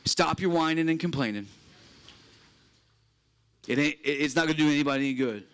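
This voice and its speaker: A man preaching with earnest emphasis in a slightly higher-than-usual voice. He reads scripture aloud and circles back to key phrases, speaking to a retreat crowd in a chapel. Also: fairly quick, a bit bright, smooth. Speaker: pastor. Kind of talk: sermon.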